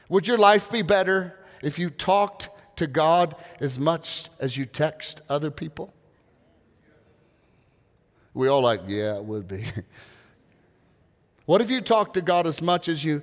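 A man's voice: on the high side, long reverb tail. A man preaching a sermon as pastor in a church, talking in a conversational way with frequent restarts and humorous asides. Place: church sanctuary.

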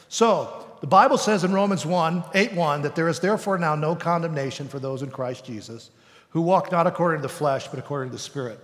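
A male pastor delivers a sermon in a relaxed, conversational style, slipping into acted voices. His voice sits somewhat high for a man. Long hall reverb trails after every phrase. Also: a little fast. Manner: conversational preaching, acts out voices.

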